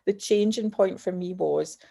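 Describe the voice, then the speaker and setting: A Scottish woman in her fifties chats as an interview guest with a mellow, warm tone. She tells her stories in a lively way, cutting herself off and starting again as she goes. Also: lowish voice, unhurried, creaky. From Scotland. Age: 50s. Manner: lively storyteller, self-interrupting and restarting. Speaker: guest, business mentor and author. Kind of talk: casual chat.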